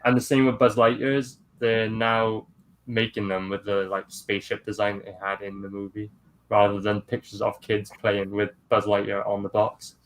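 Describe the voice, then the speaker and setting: A man's voice: fairly low pitch, monotone, normal speed. A man co-hosting a casual chat show, talking eagerly about the things he loves in an easygoing way. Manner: enthusiastic, self-described toy nerd. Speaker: co-host.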